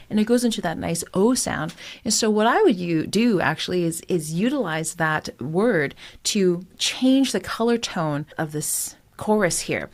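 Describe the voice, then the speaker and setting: A woman singing coach explaining vocal technique with enthusiasm and breaking into sung examples. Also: mid-range voice. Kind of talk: vocal lesson with sung demonstrations.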